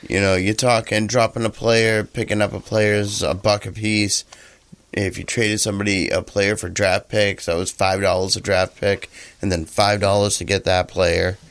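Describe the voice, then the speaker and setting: Low-voiced man, matter-of-fact, dry sound. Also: flat delivery, moderate pace, a bit bright, clean tone, no echo. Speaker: podcast guest. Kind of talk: casual chat.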